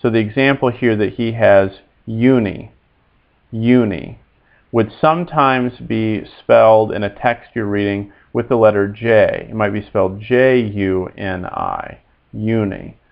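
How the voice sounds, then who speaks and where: A man with a low, gravelly voice teaches Latin pronunciation at an unhurried pace, stopping often with "uh" and saying each example word twice. The recording sounds dull and lo-fi, like a simple home setup. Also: expressive. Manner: slow, halting delivery with frequent "uh" fillers, repeating words for students to echo.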